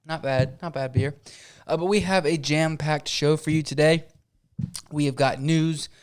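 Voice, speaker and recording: A man's voice: on the high side, steady tone, measured pace, smooth. A man co-hosting a casual sports podcast, upbeat and chatty, laughing easily with his co-host.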